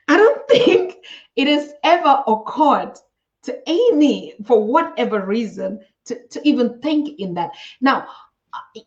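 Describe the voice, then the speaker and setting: Female interview host, slightly high voice, unhurried, amused and curious, lo-fi audio. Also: big pitch swings. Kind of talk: interview chat.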